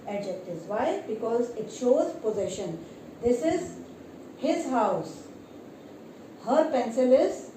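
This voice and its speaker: A woman teacher, explaining grammar slowly and often checking in with "right?". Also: on the high side, dark tone, slight background noise. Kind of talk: classroom grammar lesson. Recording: echoey room, mic at a distance.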